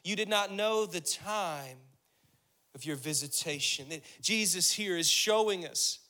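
Here the preacher's voice is high, bright and forceful, and he takes his time. He works through scripture with mounting intensity, driving points home through repetition and speaking the lines of Jesus himself.

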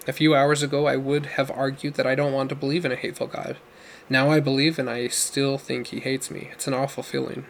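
A remorseful, ailing former criminal pleads with earnest despair, read by a man. The voice is gravelly, set at an everyday mid pitch. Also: little pitch movement, a little fast, slight background noise, lightly acted.

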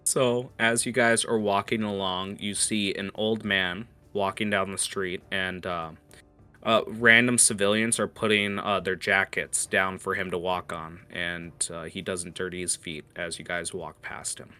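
A man's voice: deep voice, fairly even intonation, unhurried, bright, forceful tone, smooth, faint music behind. A man narrating as game master of a tabletop game, hesitant with many fillers.

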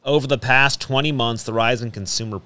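A man's voice: medium pitch, fairly even intonation, a little fast, pushed and bright, dry recording. A young man hosting a casual radio talk show, joking around and reading things aloud. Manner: jokey, reads aloud with a hammy mock German lilt. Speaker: podcast host.

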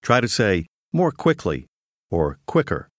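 A man reads language-course prompts in a clear, measured way. His voice sits low, but his pitch moves with real animation. The recording is close and dry, with no room sound. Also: sing-song, no echo. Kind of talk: scripted instructional narration.

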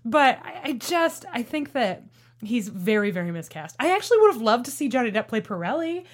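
A woman's voice: a little high, sing-song, quick pace. A woman film critic talking in a casual, emphatic and opinionated way on a podcast.

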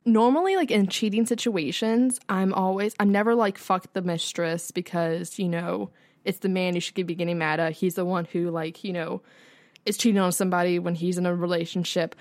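A woman's voice: fairly low pitch, fairly even intonation, brisk, a little mellow, no echo. A young woman co-hosting a podcast, chatting casually with lots of "like" fillers and frequent swearing. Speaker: podcast co-host. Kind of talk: casual chat.

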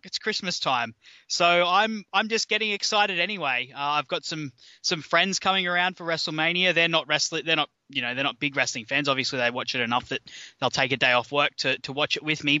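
An Australian man as a podcast guest, talking casually in a halting way with restarts. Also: on the high side, pushed and bright, no room sound, muffled recording. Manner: halting, with many restarts and fillers.

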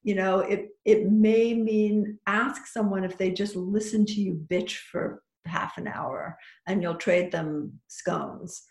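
Gravelly woman with echoey sound. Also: medium pitch, steady tone, slow pace, hardly any pauses. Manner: chatty, warm advice with many restarts. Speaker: psychic teacher, guest. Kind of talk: casual podcast chat.

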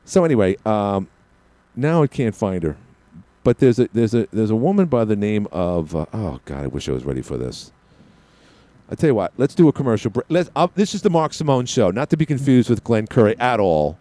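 A man's voice: lowish voice, very animated, a little fast, mellow, dry recording. A man hosting a talk radio show from a studio on a headset, rambling and opinionated with many restarts.

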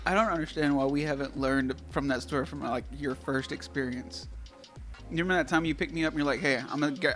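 A man's voice: mid-range voice, fairly even intonation, quick pace, fairly bright tone, soft background music. A man in a casual chat, telling a wry, joking story.

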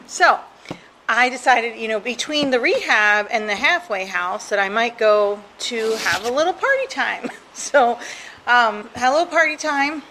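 A woman's voice: a little high, a bit bright, a little hiss or hum, rough recording. Candid woman laughing through her story. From New Jersey. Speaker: guest sharing her recovery story. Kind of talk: personal storytelling.

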